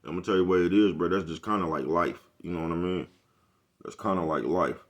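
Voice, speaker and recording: Deep-voiced, fast-talking man ranting casually. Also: fairly even intonation. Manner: repeats "you know what I'm talking about"; laid-back, profane street talk. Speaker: vlogger. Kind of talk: casual monologue to camera.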